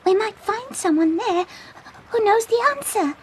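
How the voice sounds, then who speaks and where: A woman's voice: extremely high pitch, slight background noise, poor audio. A woman voicing a nervous little female fish in a children's audio story. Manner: quick, nervous.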